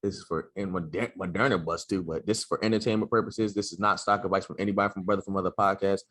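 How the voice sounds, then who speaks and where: Fast, bright-toned man co-hosting a podcast. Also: deep voice, fairly even intonation. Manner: quick, playful, teasing banter. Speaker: podcast co-host. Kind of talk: casual chat.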